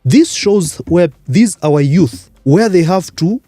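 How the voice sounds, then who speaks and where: A man from Rwanda, a career expert guest on a radio interview, explaining in numbered points with lively emphasis. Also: high-pitched, takes it slowly, no echo. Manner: animated, lecturing in numbered points. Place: radio studio.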